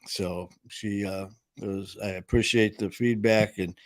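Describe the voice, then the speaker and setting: In a dry studio-quality recording, a live-stream host with a lowish, steady voice talks a little slowly. His chat is casual and full of jokes, and he wanders through stories while acting out what people said.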